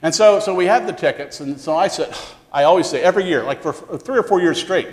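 A middle-aged male pastor preaching a sermon, telling a personal story with lively acted-out voices and frequent laughter. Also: a little high, a little fast. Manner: animated storytelling, acts out voices, laughs often.

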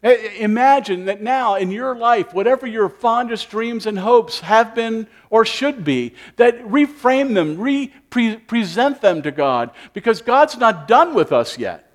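A man preaching a sermon, animated, acting out people's inner voices with sighing asides. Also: very high-pitched, a little slow, few pauses. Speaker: pastor.

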